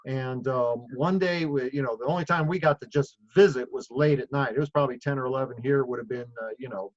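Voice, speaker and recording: A man's voice: medium pitch, quick pace. A middle-aged man leading a group call with a casual, rambling, storytelling way of talking and many fillers. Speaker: leader of a sales group call. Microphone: phone or video call. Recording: muffled call audio.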